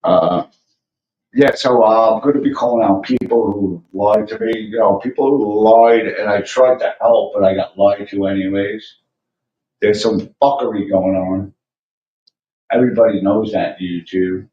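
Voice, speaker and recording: A man's voice: fairly low pitch, a little slow. A man hosting a casual livestream, venting in a rambling rant full of profanity and fillers. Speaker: livestream host. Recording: roomy, distant, muffled lo-fi sound.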